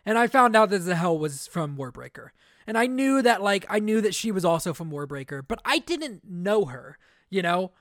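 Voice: medium pitch, sing-song, normal speed, a bit bright, no room sound, clean studio sound. A podcast co-host chatting casually about a book and reading chapters aloud.

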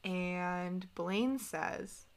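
A young woman co-hosting a casual recap podcast, sarcastic and animated, acting out quoted lines. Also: lowish voice, drawn-out words. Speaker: podcast co-host.

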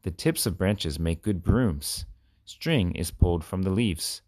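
Low voiced guy reading kids stories out loud, bouncy lively tone, dry close mic. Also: measured pace, dry recording. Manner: clear, expressive storybook reading. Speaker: reader. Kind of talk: reading children's stories aloud.

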